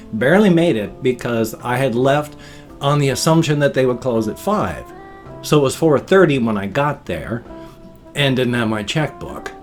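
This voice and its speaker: An older American man chatting casually on his daily vlog, rambling and self-deprecating as he tells a story. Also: medium pitch. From United States. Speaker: vlogger.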